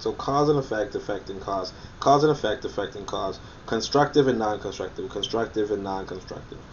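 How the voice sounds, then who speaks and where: A man's voice: fairly low pitch, far from the mic, muffled recording, slight background noise. A man reading a book aloud and commenting on it critically, emphatic and incredulous, often repeating his points for emphasis. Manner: incredulous and scoffing.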